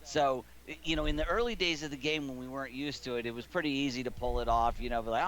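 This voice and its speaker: A man's voice: medium pitch, fairly even intonation, quick pace, few pauses, fairly bright tone. A man in his thirties, gaming streamer, telling a rambling story in casual chat from his living room and laughing often.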